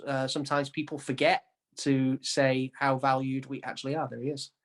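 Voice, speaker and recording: A man's voice: mid-range voice, little pitch movement, moderate pace. A man who hosts an online poetry talk show, chatting playfully and teasing his guests. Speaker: poet and show host. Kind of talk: casual video-call chat. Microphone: video call audio.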